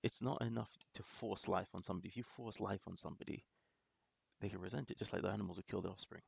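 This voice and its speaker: A man's voice: low-pitched, fairly even intonation, fast, creaky, husky, no echo. A man hosting a reaction video, talking in casual commentary that rambles with restarts and small laughs.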